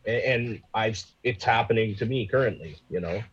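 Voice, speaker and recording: A man from Canada speaking as a talk show guest, casual and earnest, with a husky voice. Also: on the low side, moderate pace, dull audio, slight background noise. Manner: earnest, casual, says "like" often.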